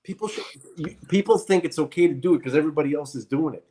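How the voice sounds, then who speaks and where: A man's voice: a little high, fast, warm tone, breathy edge. A man co-hosting a podcast, speaking in a blunt, ranting way with emphatic repetitions. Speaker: podcast co-host. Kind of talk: casual opinionated chat.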